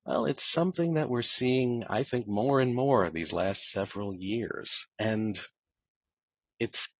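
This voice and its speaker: A man working as a divorce mediator, talking thoughtfully in a podcast interview, with a measured delivery that repeats words as he restarts. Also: medium pitch, husky, no room sound. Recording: dull lo-fi dry sound.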